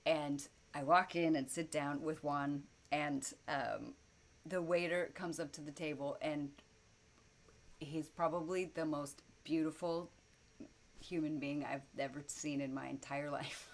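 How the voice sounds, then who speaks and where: Low-voiced chatty woman telling stories. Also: fairly even intonation, a little slow. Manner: chatty, rambling, laughs often, many fillers. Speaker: vlogger telling personal stories. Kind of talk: casual storytelling to camera. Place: indoors at home, lit by light bulbs.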